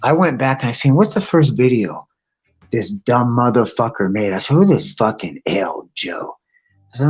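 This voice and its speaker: The recording is muffled, carrying a husky, medium-pitched male voice at a moderate pace. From his home and the nearby outdoors, he hosts a live stream, chatting casually and animatedly through rambling stories laced with profanity.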